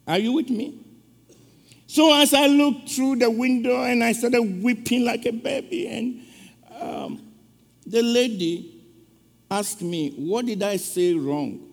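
High, gravelly-voiced man preaching in a reverberant church. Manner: emotional storytelling with call-and-response questions. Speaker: guest preacher. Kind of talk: sermon. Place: church sanctuary.

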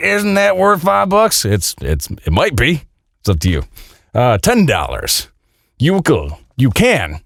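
Profane, rambling man pitching his channel. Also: no room sound, studio quality. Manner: out of breath at the end. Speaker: channel host. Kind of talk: casual self-promotion rant.

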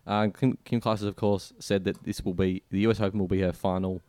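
Young Australian male co-host, very low voice, relaxed with fillers, dry sound. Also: fairly quick, no room sound. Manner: laid-back, hesitant, lots of fillers. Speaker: sports radio co-host. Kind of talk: casual sports chat.

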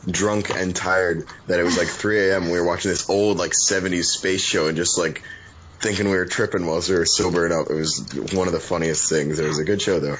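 A man's voice: deep voice, steady tone, fairly quick, background noise. A man chatting casually on a podcast, telling rambling stories. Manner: rambling storyteller. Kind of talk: casual chat. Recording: dull audio with chatter behind.

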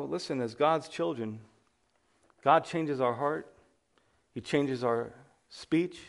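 A man with a New York accent preaching a sermon, reading scripture and retelling it with humorous asides. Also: medium pitch. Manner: animated storyteller, acts out quotes with humorous asides. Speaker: pastor.

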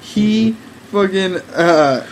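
A man's voice: high-pitched, extremely slow, slight background noise, poor audio. Rambling young man telling a story. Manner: rambling, heavy use of "like", profane, laughing often. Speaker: podcast host. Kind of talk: casual storytelling.

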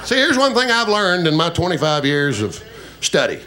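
A man's voice: fairly high pitch, wildly swooping pitch, normal speed, noisy background. A man, a country singer, chatting and joking with the audience in folksy live stage banter. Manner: joking, teasing, folksy storyteller.

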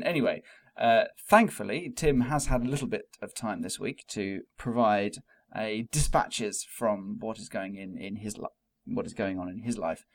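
A man co-hosting a comedy podcast who speaks in a deadpan, mock-formal way to an imaginary guest. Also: lowish voice. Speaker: podcast co-host. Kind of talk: comic podcast introduction.

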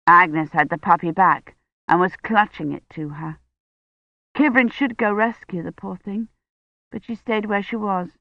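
A woman reading an audiobook in measured, scripted narration. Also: medium pitch, no echo. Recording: dull, dry studio audiobook recording.

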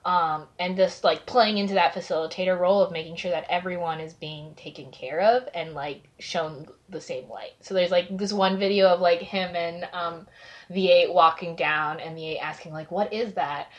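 Woman, low-pitched voice, casual podcast chat, chatty, full of filler words. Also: fairly even intonation, moderate pace, muffled recording. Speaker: podcast co-host.

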